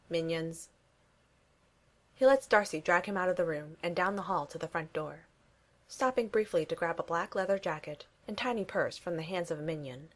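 Woman reading fan fiction, slightly low voice. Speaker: reader.

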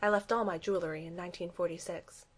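A woman's voice: lowish voice, steady tone, quick pace, slightly rough. A woman reading the part of a blunt, dry-witted woman soldier from the 1940s. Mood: cool. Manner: blunt, cool.

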